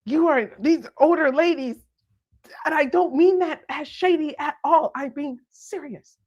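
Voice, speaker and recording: A woman's voice: high-pitched, measured pace, highs cut off. A woman hosting a live stream, delivering an indignant commentary rant with restarts and disbelieving laughter.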